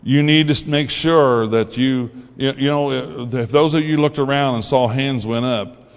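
A man preaching his own testimony in a folksy, storytelling manner. His voice sits at an everyday middle pitch. A long hall reverb trails after each phrase. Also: a little slow. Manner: folksy storytelling, acts out quotes. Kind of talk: sermon testimony.

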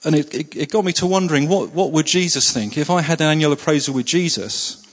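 A man preaching a sermon and praying, earnest, repeating words for emphasis and often pausing with fillers. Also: fairly high pitch, long reverb tail. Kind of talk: sermon with prayer.

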